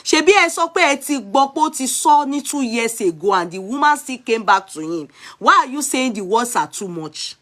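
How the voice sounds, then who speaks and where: A Nigerian woman commenting on a video clip in casual, animated vlog talk, mixing English and Yoruba. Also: a little high, normal speed, few pauses.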